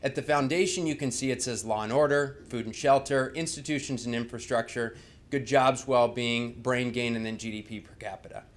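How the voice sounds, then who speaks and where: A man's voice: mid-range voice, fairly even intonation, brisk. A man presenting a slide talk, speaking conversationally and asking the audience rhetorical questions.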